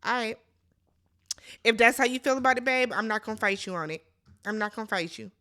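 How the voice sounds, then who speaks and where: A woman's voice: fairly high pitch, brisk, bright, forceful tone. A woman hosting a casual reality TV recap, sassy and chatty, talking straight to her viewers. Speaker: recap host.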